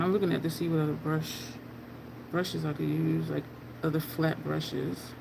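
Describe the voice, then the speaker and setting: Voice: mid-range voice, moderate pace, vocal fry, noisy background. Blunt storyteller. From Camden, New Jersey. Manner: animated, blunt venting storyteller who curses. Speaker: makeup artist livestreamer. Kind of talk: casual chat while painting.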